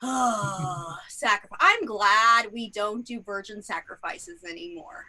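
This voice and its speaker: A woman's voice: medium pitch, animated, slow pace, bright, forceful tone, slight background noise. A woman doing improvised stand-up comedy in a rambling, self-deprecating way, full of fillers and tangents. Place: theatre stage.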